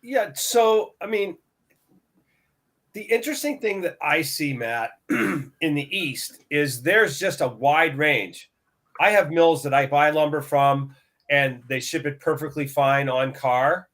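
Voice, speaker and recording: A man's voice: a little high, slow pace, a bit bright. A man with a slightly raised voice talks casually on a discussion panel. He often acts out his conversations with suppliers as quoted dialogue, with plenty of fillers. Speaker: lumber buyer on a market talk show.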